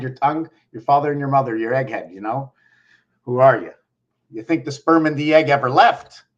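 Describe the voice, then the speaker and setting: A man vlogging from home, talking in a meandering monologue full of pauses and restarts. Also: medium pitch. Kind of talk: rambling monologue to camera. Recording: dull lo-fi recording.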